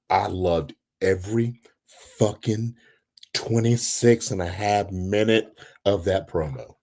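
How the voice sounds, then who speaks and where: A man co-hosting a casual wrestling podcast, chiming in with quick quips and laughs. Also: sits low, darkish tone. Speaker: podcast co-host.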